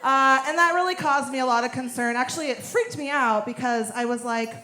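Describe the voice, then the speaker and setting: A woman in her thirties doing a stand-up comedy set on a club stage, with a deadpan, bawdy delivery. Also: high-pitched, brisk. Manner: deadpan, bawdy punchlines, laughs at own jokes. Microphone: handheld stage mic. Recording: echoey club with crowd noise. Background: audience laughter.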